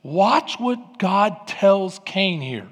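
Male pastor, fervent sermon delivery, raspy edge, high register. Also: sing-song, extremely slow, fairly bright tone. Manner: fervent, emphatic preaching. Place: church sanctuary. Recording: long hall reverb.

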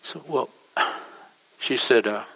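A man's voice: mid-range voice, slow pace, fairly bright tone, breathy edge. A man, preaching a sermon as pastor, telling stories in a folksy, rambling way that repeats itself. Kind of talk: sermon storytelling. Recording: long church reverb.

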